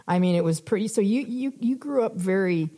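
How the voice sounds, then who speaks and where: An older woman, a grandmother, chatting casually with her adult son about his teenage years, rambling with many fillers and soft laughs. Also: mid-range voice, lively intonation, brisk. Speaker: interviewee, mother of the host. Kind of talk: casual conversation.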